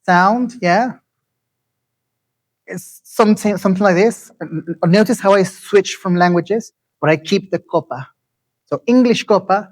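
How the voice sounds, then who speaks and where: A man giving an interactive lecture, asking the audience questions and repeating key phrases slowly. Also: high voice, poor audio.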